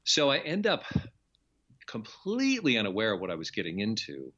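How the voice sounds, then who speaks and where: Earnest low-voiced man telling a story. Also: wildly swooping pitch, moderate pace, sharp tone, highs cut off. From Iowa, USA. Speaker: guest, television journalist. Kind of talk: casual interview chat.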